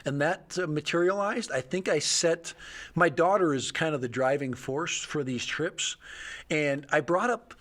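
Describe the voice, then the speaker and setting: A man's voice: a little high, unhurried, fairly bright tone. A middle-aged man hosting a live stream, chatting casually and rambling, often restarting his sentences and laughing.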